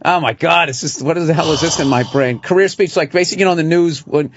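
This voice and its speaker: A comedian man rattling off stories on a radio show at a fast clip. He rambles and drops into other people's voices as he goes. The sound is a little dull and muffled. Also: fairly high pitch, slight background noise. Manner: rambling, rapid storytelling with quoted voices. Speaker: stand-up comedian. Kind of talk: casual radio chat.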